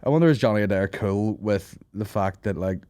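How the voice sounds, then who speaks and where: A man's voice: on the low side, brisk, dark tone, smooth. A man hosting a comedy podcast, reacting to a documentary with sweary jokes. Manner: sweary, joking, slips into mock voices. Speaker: podcast host. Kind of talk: comedic commentary over a documentary.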